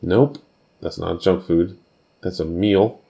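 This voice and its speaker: A man co-hosting a podcast, teasing and firing off quick questions in casual chat. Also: sits low, creaky, dark tone. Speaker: podcast co-host.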